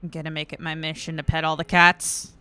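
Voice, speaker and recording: A woman doing sarcastic let's play commentary, full of mocking, dark jokes. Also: low-pitched, level tone, brisk, clear, resonant tone. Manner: mocking, dark jokey asides.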